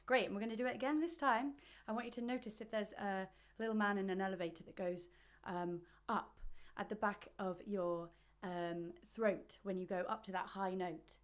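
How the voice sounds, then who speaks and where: Woman, vocal coach, warm-up exercises, playful imagery, chatty, medium pitch, video call. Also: fairly even intonation, normal speed.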